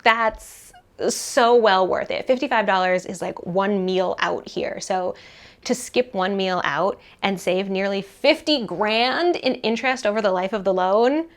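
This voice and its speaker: A woman's voice: medium pitch, unhurried. Chatty woman vlogging to camera. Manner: animated, chatty, lots of "like" fillers. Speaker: personal finance vlogger. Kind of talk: casual talk to camera. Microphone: camera mic, leaning toward camera.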